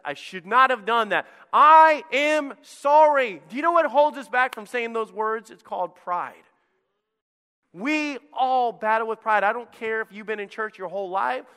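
A male pastor delivering an impassioned sermon, rising to loud appeals and dropping to hushed, quiet lines. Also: high-pitched, clear, resonant tone. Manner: impassioned preaching, swings between loud and hushed. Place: church sanctuary. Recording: long reverb of a church hall.

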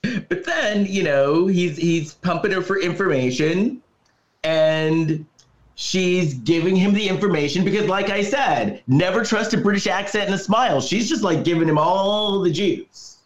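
A man's voice: sits high, lively intonation, measured pace, roomy sound, lo-fi sound. A man co-hosting a podcast, recapping a movie's plot scene by scene in casual chat and laughing as he goes. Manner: laughing, storytelling recap with quoted lines. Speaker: podcast co-host.

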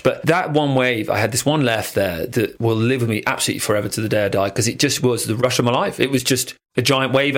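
Animated English man telling stories. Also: medium pitch. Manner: animated storyteller, swears freely, jokey. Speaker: podcast co-host. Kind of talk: casual chat.

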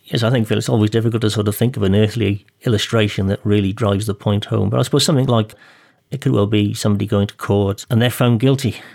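A man with a low, gravelly voice co-hosting a talk on preaching. He affirms what he hears and often ends with tag questions. He reads scripture in a steady, slow way. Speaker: co-host asking about sermons. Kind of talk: conversational discussion and scripture reading.

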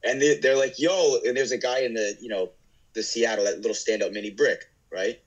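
A man telling a paintball story in casual talk, animatedly acting out his teammates' shouted lines. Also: fairly low pitch, steady tone, a little fast, highs cut off. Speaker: guest paintball player.

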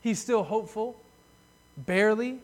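A man preaching a sermon as pastor, earnest, rising loud and high when he voices a desperate plea, then dropping soft and low to reflect. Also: measured pace.

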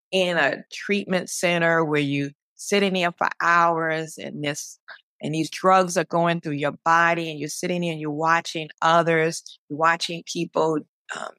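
Gravelly-voiced young woman, earnest. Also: on the low side, a bit bright, dry recording. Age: young adult. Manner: earnest, repetitive, encouraging. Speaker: guest, cancer survivor. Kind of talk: conversational interview.

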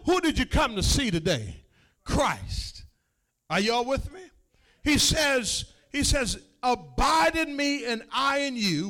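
A male pastor preaching a sermon in a call-and-response style, building from spoken lines to shouted, sung-out phrases. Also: high-pitched.

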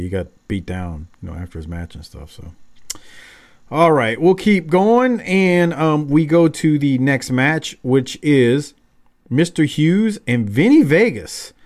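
A man's voice: medium pitch, darkish tone. Male podcast host, casual, rambling, opinionated. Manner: loose, rambling, fired-up opinions.

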